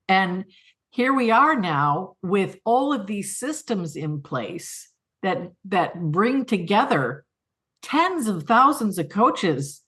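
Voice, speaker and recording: A woman's voice: mid-range voice, a bit bright. A middle-aged woman, a guest on a podcast, speaking in an earnest, heartfelt way and laughing often. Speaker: guest, coaching academy co-founder. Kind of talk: podcast conversation.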